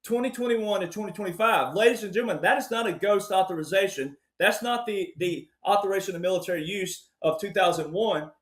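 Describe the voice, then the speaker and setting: A man giving emphatic political commentary as a panel guest, often addressing "ladies and gentlemen". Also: high-pitched, brisk, few pauses, roomy sound. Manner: emphatic, repeats "ladies and gentlemen", acts out voices.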